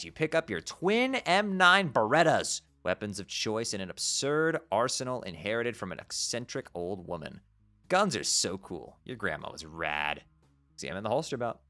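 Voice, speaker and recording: Guy reading a comic out loud on stream, super expressive, bright tone, soft music behind. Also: fairly low pitch. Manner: animated, swears and rants at chat. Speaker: streamer reading a webcomic aloud. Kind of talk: reading aloud to a live chat. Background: faint background music.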